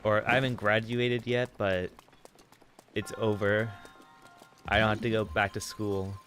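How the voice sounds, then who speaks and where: A young man with a low voice narrates his game with dry, offhand jokes. Loud game music plays under his relaxed, casual commentary. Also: a little slow. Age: young adult. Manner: joking, deadpan asides. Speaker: gaming channel host.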